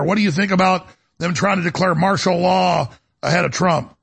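Gravelly, raspy fifty-year-old male radio host. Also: high voice, moderate pace. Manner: fervent, preachy, swings from loud to hushed. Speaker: radio talk show host. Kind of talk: impassioned talk radio monologue.

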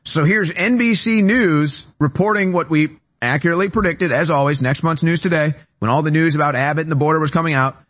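A man's voice: fairly high pitch, fairly quick, hardly any pauses, a bit bright. A man hosting a talk show from a studio, delivering an emphatic, repetitive political monologue with rising urgency. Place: radio studio.

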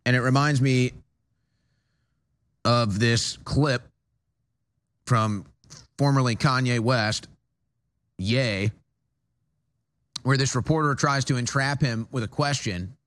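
A man's voice: medium pitch, slow pace, pauses often, a bit bright. A man hosting a political talk show from a studio, delivering an emphatic monologue with frequent stammered restarts.

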